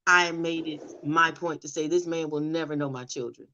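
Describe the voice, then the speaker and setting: Woman, middle-aged, emotional testimony, emphatic, bright tone, slightly low pitch. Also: fairly even intonation, moderate pace, muffled recording, slight background noise. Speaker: interview guest. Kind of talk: personal testimony in an interview.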